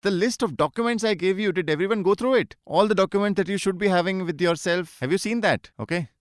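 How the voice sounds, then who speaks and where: A man's voice: sits high, fast, dry recording, clean studio sound. A man teaching a live online class, chatty, repeating his greetings and checking in with students again and again.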